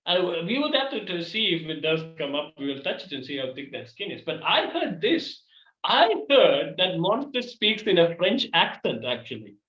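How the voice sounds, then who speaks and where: A man's voice: sits high, very animated, normal speed, a bit bright. A man hosting an improv comedy scene over a video call, playful and dramatic as he leads the others. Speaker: improv host. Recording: echoey, dull video call audio.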